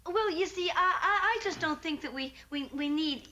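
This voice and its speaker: An actress playing an earnest, stammering young actress in a 1960s sitcom. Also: female voice, very high-pitched, moderate pace, pushed and bright, highs cut off, a little hiss or hum. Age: young adult.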